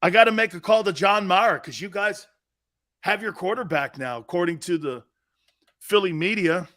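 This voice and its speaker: A man hosting a sports talk show, ranting with mock excitement and sarcasm and breaking into shouts. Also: high voice, moderate pace. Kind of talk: sports talk radio rant.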